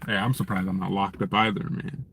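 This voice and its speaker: A man hosting a fan channel live stream from his parked car, chatting casually with viewers in an animated, joking, ranting way. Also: sits low, a little fast, breathy edge.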